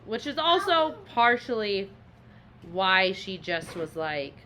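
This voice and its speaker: A woman's voice: mid-range voice, big pitch swings, slow, sharp tone, a little hiss or hum. A woman co-hosting a podcast, retelling a book's plot in casual chat with lots of filler words. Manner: rambling retelling with many fillers. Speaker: podcast co-host.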